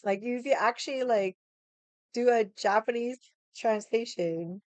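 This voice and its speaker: A young woman hosting a casual livestream chat, talking in an animated way, laughing often and swearing casually. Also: fairly high pitch, unhurried, smooth, dry recording. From United States. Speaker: livestream host.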